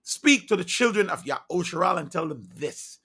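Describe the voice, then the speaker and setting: A man preaching a sermon with fervent insistence, firing rhetorical questions and swinging from loud emphasis to hushed near-whispers. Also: high voice, animated, normal speed, husky.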